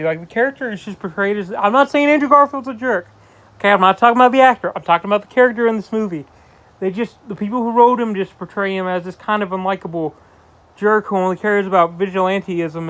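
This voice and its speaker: A man with a fairly high voice talks through a casual movie review. He rambles, trips over his words and restarts his sentences often, drifting into loose asides as he goes. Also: a bit bright. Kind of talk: casual spoken film review.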